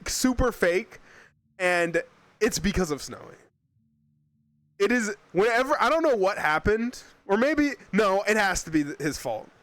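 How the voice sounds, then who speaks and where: A man's voice: sits high, a bit bright. A young man from Arizona chatting casually with his live chat as a streamer, rambling and laughing often.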